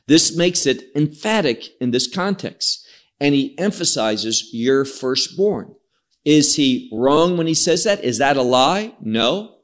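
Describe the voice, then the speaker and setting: A man preaching an expository sermon, reading scripture and explaining it with slow emphasis. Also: a little high.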